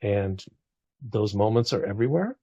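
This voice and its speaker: A man's voice: lowish voice, expressive, moderate pace, slightly rough, dry recording, highs cut off. A man in his forties talking reflectively in a casual conversation, full of restarts and small asides. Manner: reflective, warm storytelling with frequent restarts.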